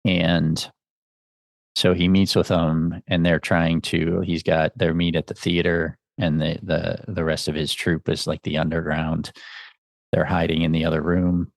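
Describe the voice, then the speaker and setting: A man's voice: low voice, flat delivery, unhurried, vocal fry, no echo, studio quality. A man hosting a podcast, giving a casual, musing film review as he thinks aloud. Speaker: podcast host.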